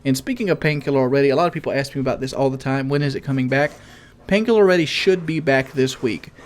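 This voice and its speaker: A young man giving casual gaming commentary, rambling and correcting himself, in what he calls a monotone voice, often asking viewers questions. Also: mid-range voice, fast. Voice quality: self-described monotone voice.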